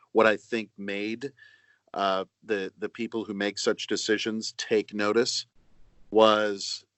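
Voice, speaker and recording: A middle-aged man, an actor and narrator, giving measured, earnest answers over a video call, pausing often. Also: fairly low pitch, a bit bright, dry recording. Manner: earnest, measured, with many pauses and fillers. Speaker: actor and audiobook narrator, interview guest. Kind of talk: reflective interview answers.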